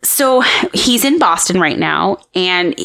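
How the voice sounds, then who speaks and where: A woman's voice: lowish voice, animated, slow pace, gravelly, a bit bright, dry recording. A woman hosting a podcast, telling a story in a casual, rambling way with lots of restarts. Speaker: podcast host. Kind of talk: casual chat.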